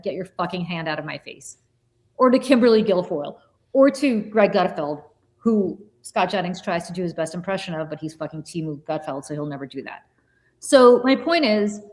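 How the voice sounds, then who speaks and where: A woman co-hosting a political podcast, telling stories in a blunt, profane, fiery way. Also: mid-range voice. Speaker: podcast co-host. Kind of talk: heated political podcast talk.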